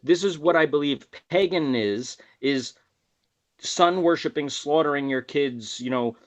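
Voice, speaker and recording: A man's voice: on the high side, unhurried. A man talking earnestly on a panel, explaining at length with restarts. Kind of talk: casual group discussion.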